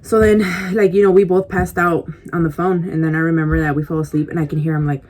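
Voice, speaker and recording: A woman's voice: low voice, flat delivery, fast, a little mellow. A woman vlogger telling a casual story to the camera, rambling and chatty, full of "like" and "you know," confiding in her viewers as she snacks. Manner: confiding, speaks directly to viewers. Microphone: compact camera mic.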